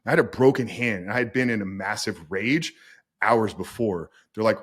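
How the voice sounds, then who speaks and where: A man's voice: on the low side, moderate pace, a bit bright, husky. A middle-aged man, a recovery coach, giving a casual, emphatic personal testimony with fillers like "man" and "bro".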